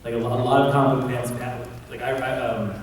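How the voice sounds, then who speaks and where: A man's voice: medium pitch, level tone, quick pace. A man, a comic book writer, talking casually on a convention panel, rambling and self-deprecating with many restarts. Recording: roomy hall, mic heard from a distance, faint background noise.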